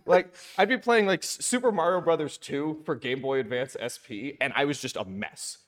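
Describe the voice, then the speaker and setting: A young man chatting on a podcast, telling self-mocking stories in an animated way. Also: on the high side, moderate pace. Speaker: comedian guest. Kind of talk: casual podcast chat. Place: podcast studio room.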